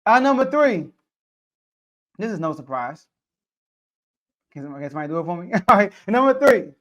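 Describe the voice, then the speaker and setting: A man from the United States who hosts a sports podcast. He debates in an animated, casual way, throws out rhetorical questions and speaks directly to the athletes. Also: high-pitched. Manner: animated, rhetorical, talks straight to the players.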